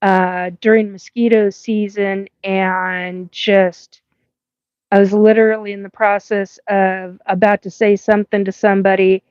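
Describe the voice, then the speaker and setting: A woman's voice: medium pitch, little pitch movement, a little slow, darkish tone, clean tone, no room sound, highs cut off. A woman hosting a live paranormal stream, telling a rambling story with swearing and frequent laughs. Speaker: host of a live paranormal show.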